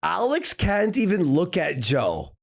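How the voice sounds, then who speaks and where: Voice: medium pitch, wildly swooping pitch, slow, creaky. A stream co-host giving casual reaction commentary, giggly and teasing, swearing casually.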